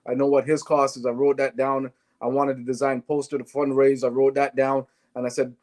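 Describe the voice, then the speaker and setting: Talking a little fast in a mid-range voice, the guest from Canada, once a sprinter and now in business, tells lively interview stories and acts out what everyone said.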